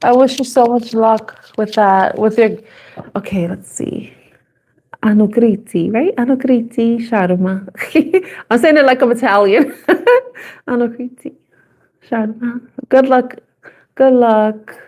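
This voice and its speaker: A woman doing a casual live-stream tarot reading from her office, playful and giggly, laughing often and repeating each question slowly as she shuffles. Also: a little high, darkish tone. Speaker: tarot reader.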